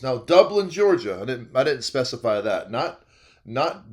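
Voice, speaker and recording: A young man, telling a comedic story about his work as a restaurant server. He talks in an animated way, cuts himself off, and repeats phrases for laughs. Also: mid-range voice, a little slow. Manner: animated, self-interrupting, repeats phrases for comic effect.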